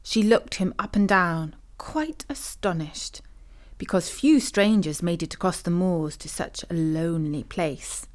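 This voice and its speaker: A woman's voice: fairly low pitch, fairly even intonation, moderate pace, hardly any pauses. Woman narrating a storybook tale.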